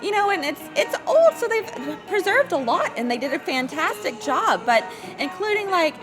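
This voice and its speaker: This woman sells luxury homes and is having a casual interview chat, animatedly acting out quotes as she tells her stories. Her voice is very high-pitched and moves at normal speed over music.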